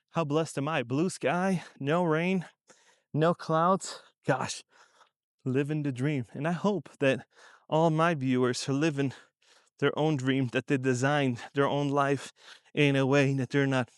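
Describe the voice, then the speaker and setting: A man vlogging while out walking on a sunny day, giving blunt, rambling money advice in a casual, animated way. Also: on the high side, clean tone, dry recording, studio quality. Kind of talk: casual talking-head vlog. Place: outdoors on a warm sunny day.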